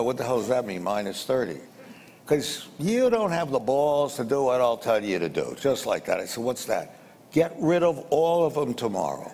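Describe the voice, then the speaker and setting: An older man from the United States talks business in a blunt, street-smart way, acting out both sides of each exchange. His voice sits at an ordinary male pitch. It carries a long reverb, with a faint hiss underneath. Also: darkish tone. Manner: blunt, acts out the dialogue in his stories, with punchy repetitions. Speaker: businessman interviewee. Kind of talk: anecdotal storytelling. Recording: reverberant room with faint background noise.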